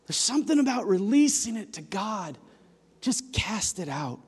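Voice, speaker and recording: A man delivers a sermon in a high-pitched voice. He moves between loud, emphatic lines and low, hushed ones. The sound carries a long reverb, like a large church hall. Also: big pitch swings, normal speed, breathy edge. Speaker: preacher.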